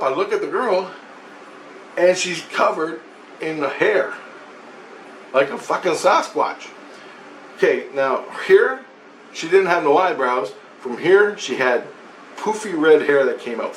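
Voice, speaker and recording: A male vlogger with a slightly high, a bit bright voice is animated but takes it slowly, with long pauses. Recounting a spiritual vision, he rambles, swears, and restarts and repeats often, recorded amid roomy echo and faint background noise.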